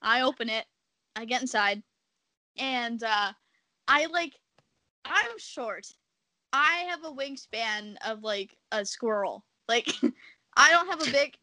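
A young woman, a podcast guest, telling a story in casual chat, animated and laughing often, acting out the quotes. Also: fairly high pitch, slow pace, pauses often, no echo.

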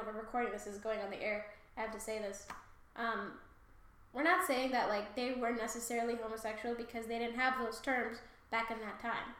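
A woman's voice: a little high, fairly bright tone, heavy reverb. A woman co-hosting a podcast in casual chat, loose and profane, laughing often. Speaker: podcast co-host.

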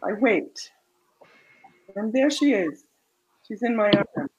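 A woman author reading her own romance fiction aloud in a soft, measured way, then chatting about the story. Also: mid-range voice, lively intonation, lo-fi sound.

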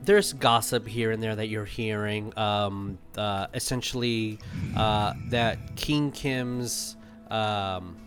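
A man runs a tabletop game in a middle-pitched voice, describing scenes for his players. He talks in a halting way and fills his pauses with ums and uhs. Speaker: game master.

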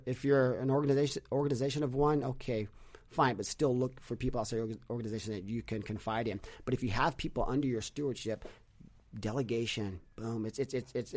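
A man talking on a podcast in a mid-range voice. He tells stories in a lively, animated way, repeats himself and restarts sentences, and acts out other people's words. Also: mid-range voice. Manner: animated storyteller with many restarts, acts out quotes. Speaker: podcast guest, business leader. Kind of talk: casual conversational storytelling.

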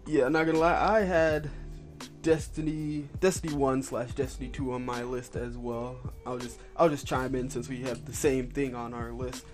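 A man's voice: medium pitch, flat delivery, moderate pace, soft background music. A man hosting a podcast, talking loosely and rambling as he runs the show. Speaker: podcast host. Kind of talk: casual podcast chat.

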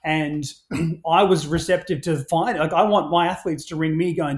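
Energetic man telling stories. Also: on the high side, moderate pace. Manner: energetic storytelling, swears freely, many restarts. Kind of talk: casual podcast chat.

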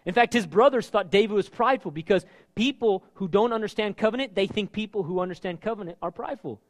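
A man preaching a sermon, emphatic and animated, acting out scripture scenes as he goes. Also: high voice, fast.

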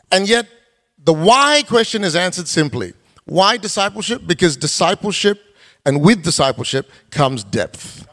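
A man's voice: high-pitched, expressive, a little slow, pushed and bright. Man, pastor, sermon, emphatic, rhetorical questions, long hall reverb.

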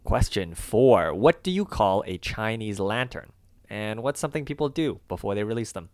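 A man co-hosting a scripted language lesson, slowing down to name each syllable and its tone. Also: lowish voice, very animated.

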